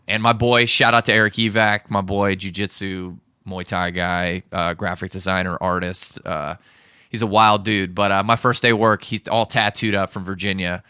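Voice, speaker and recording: A man's voice: low voice, moderate pace, smooth, dry recording, studio quality. A man in his thirties from Pittsburgh, a podcast guest rambling through stories and swearing freely in casual chat. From Pittsburgh, USA. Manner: rambling, animated storyteller who swears freely. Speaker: podcast guest, producer and comedian.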